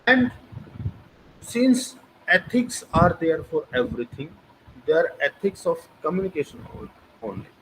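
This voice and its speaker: An Indian English-accented teacher delivers an online lecture in a fairly high, bit bright voice, very animated but measured in pace, pausing often. He emphatically repeats key phrases and asks rhetorical questions, recorded with noise and clicks.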